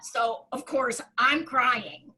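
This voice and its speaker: A Broadway performer telling an animated story with a lot of expression, acting out the voices of the people in it. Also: female voice, fairly high pitch, very slow, poor audio. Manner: expressive storyteller who acts out quoted voices, often laughing.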